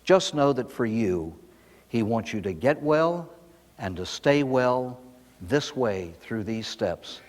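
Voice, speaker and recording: An older priest speaks slowly in a medium-pitched voice, his recovery talk echoing through a large hall. He engages the audience with animated storytelling and rhetorical questions.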